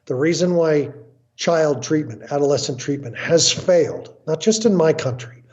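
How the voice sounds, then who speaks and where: A man's voice: a little high, normal speed, darkish tone, lo-fi sound. A man speaking as an interview guest about his work as a family counselor, blunt and emphatic, acting out what other people say. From United States. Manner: emphatic, blunt, acts out quotes. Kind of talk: animated storytelling interview.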